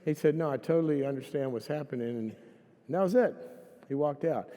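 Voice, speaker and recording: A man's voice: on the high side, brisk, dark tone. A man preaching a sermon in a conversational, storytelling way, acting out the voices of people in his stories. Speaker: guest speaker. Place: large church hall. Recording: long hall reverb.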